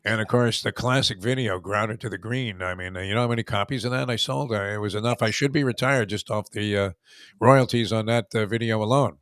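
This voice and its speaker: A man's voice: fairly low pitch, a little fast, a bit bright, no room sound, clean studio sound. Rambling joking male radio host. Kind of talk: casual radio chat.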